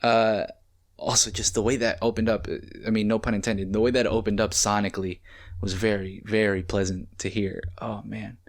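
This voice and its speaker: A young man casually reacting to an album at home, rambling and excitable, swearing as he goes. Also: fairly low pitch, normal speed. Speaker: music reaction host. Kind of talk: casual music reaction commentary. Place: home, late at night. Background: faint music playing.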